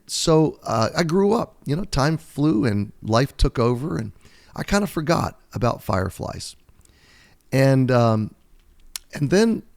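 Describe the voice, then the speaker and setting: A man in his fifties, an American devotional Bible teacher, giving an earnest, heartfelt, unhurried talk and reading aloud. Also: medium pitch, vocal fry. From United States. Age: 50s.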